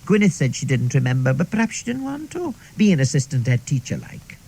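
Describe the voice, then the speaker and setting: A man's voice: medium pitch, big pitch swings, fairly quick, creaky, a little mellow, husky, exaggerated voice, low-quality recording. A man playing a chatty, middle-aged Welsh woman in a radio comedy monologue, who tells rambling stories sprinkled with "like" and "see". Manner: rambling, confiding, peppered with "like" and "see".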